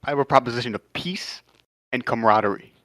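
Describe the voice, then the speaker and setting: A man's voice: medium pitch, fast, fairly bright tone, no echo. Man playing a tabletop game, dry sound. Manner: casual, hesitant, swears often. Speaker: player. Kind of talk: in-character tabletop play.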